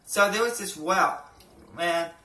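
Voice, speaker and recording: Young male amateur comic, sharp-toned, swearing, loose and rambling delivery, picked up from a distant camera mic. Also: high voice, takes it slowly. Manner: rambling, peppered with "you know" and "right", swears a lot. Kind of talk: casual stand-up routine. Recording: echoey room, voice from off-mic.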